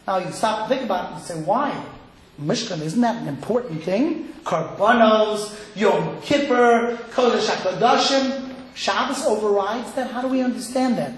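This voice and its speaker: A man's voice: high-pitched, moderate pace, heavy reverb, low-quality recording. A man from Cleveland, Ohio, giving a sermon as a rabbi, telling stories and acting out the people in them. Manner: animated storytelling, acting out quoted voices.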